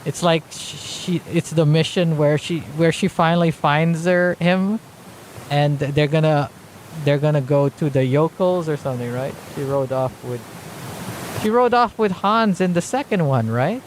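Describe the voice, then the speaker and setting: A man's voice: on the high side, a little slow, a little hiss or hum. A man giving casual live-stream commentary on a game, rambling with many fillers and restarts, sometimes reading on-screen text aloud.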